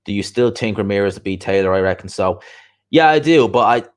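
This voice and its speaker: Reading viewer comments on a casual livestream, a boxing show host chats in a fairly low, animated, fairly quick voice. He's opinionated and repeats his points for emphasis.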